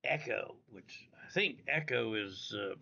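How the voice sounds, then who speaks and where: A man's voice: mid-range voice, lively intonation, takes it slowly, gravelly, sharp tone, slightly rough. A man hosting a casual livestream, rambling and cursing freely as he talks straight to his viewers from home. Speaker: livestream host. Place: indoors at home. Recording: dull lo-fi audio.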